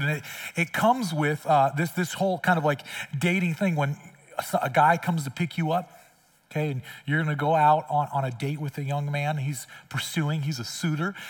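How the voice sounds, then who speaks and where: Man preaching in church, high voice, blunt and chatty, repeats his point, heard from off the mic. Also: recorded from a distance. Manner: conversational, blunt, emphatic repetitions. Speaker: pastor. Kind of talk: sermon. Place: church sanctuary.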